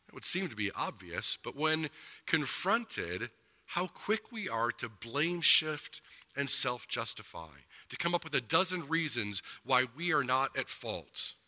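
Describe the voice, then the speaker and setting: A man delivering a sermon from the pulpit with a very bright, sharp tone. His voice rings out in a church sanctuary with a long reverb, and he slows down to press home key points. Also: mid-range voice, big pitch swings. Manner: earnest preaching with slowed emphasis. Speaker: pastor.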